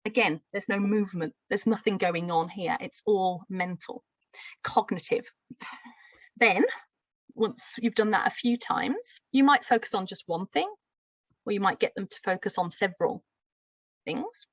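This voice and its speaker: Speaking unhurriedly and pausing often, a woman with a medium-pitched voice and a Brummie accent from Birmingham, England, explains a pronunciation drill. She is a teacher trainer leading a live teacher-training lesson, friendly and explanatory with light laughs; the low-quality recording has no room sound.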